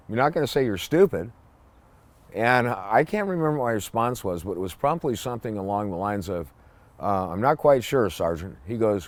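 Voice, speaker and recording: An older man tells a rambling story from his police days in a lowish voice. He keeps it casual and blunt, with salty language, and he slips into gruff barking whenever he quotes someone. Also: animated, fairly quick. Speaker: former police officer telling stories. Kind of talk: casual spoken anecdote.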